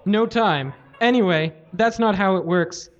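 Casting: calm wry male president, low murmuring delivery, read by a man, lo-fi live tape. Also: unhurried. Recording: lo-fi live recording.

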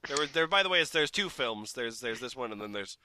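A man co-hosting a comedy podcast, throwing in quick jokes and questions. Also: medium pitch, lively intonation, bright, forceful tone, slight background noise. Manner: quick jokes, asks questions, laughs often. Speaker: podcast co-host. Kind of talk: casual comedic chat.

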